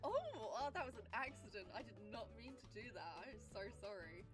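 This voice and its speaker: A woman's voice: mid-range voice, lively intonation, fairly quick. A woman in a casual vlog clip, giddy and given to squealing and laughing. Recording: loud music under the voice.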